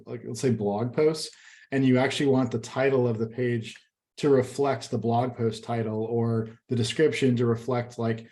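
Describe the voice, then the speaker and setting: A man's voice: medium pitch, dark tone. A man on a video call adding thoughts in a loose, rambling way full of "like" and "um". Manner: rambling, filler-heavy. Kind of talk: casual call chat.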